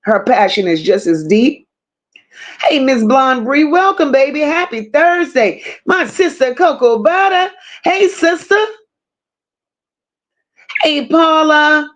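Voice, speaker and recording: High-pitched and lively, a woman hosting a livestream speaks slowly with frequent pauses as she greets viewers by name and reads their comments. She's casual, using affectionate slang and swearing a lot.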